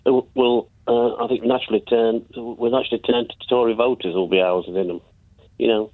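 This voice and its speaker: A man's voice: mid-range voice, steady tone, a little fast. A man with a northern English accent calling in to a radio show, rambling and hesitant with many fillers. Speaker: caller. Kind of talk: phone-in call. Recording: tinny phone line.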